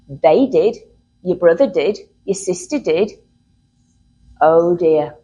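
A woman's voice: fairly low pitch, slow, pauses often, warm tone, breathy edge, lo-fi sound. A middle-aged woman, a therapist, teaching a live workshop to a group in a chatty way, often checking in with "okay?".

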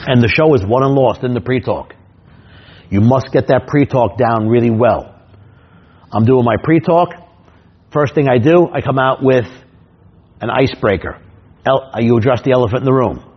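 A man's voice: medium pitch, normal speed, long pauses, husky, highs cut off. A man with a New York accent, a stage hypnotist teaching other performers, punchy and always checking in with the listener. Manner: punchy, keeps checking in with "right?" and acts out scenes. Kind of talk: instructional talk.

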